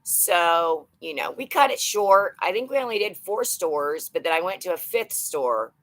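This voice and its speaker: Slow-talking bright-voiced woman chatting live. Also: fairly low pitch, animated. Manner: chatty and playful, rambling with fillers. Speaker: live-stream host of a shopping channel. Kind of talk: casual live-stream chat greeting viewers.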